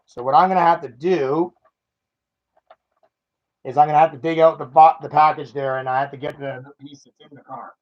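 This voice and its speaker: A man with a slightly high voice talks through an unboxing, chatty and quick to poke fun at himself. The sound is dull and lo-fi, like a cheap home mic. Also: steady tone. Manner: chatty, self-mocking, laughs at himself. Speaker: toy collector unboxing. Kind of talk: casual unboxing chat.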